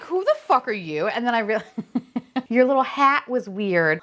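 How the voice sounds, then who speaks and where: Gushing young woman with a lively pitch. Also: normal speed. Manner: gushing, swears playfully, coos at toys; swings between high squeals and low asides. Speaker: unboxing vlogger. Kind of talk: casual unboxing chat.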